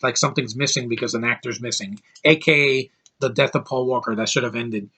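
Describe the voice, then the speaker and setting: A man's voice: medium pitch, fairly quick, bright, forceful tone, husky. A tired man giving blunt, rambling opinions about movies in a casual video, often restarting his sentences. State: tired from lack of sleep. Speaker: movie list vlogger.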